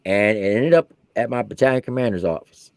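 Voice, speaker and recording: A man in his forties, an army veteran, telling a profane comic story with animated swings between low asides and loud punchlines. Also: fairly quick, no echo.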